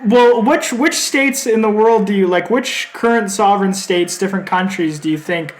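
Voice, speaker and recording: A man's voice: high-pitched, moderate pace, reverberant. Polite, stumbling man playing a reporter. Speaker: podcast interviewer. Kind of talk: mock news interview.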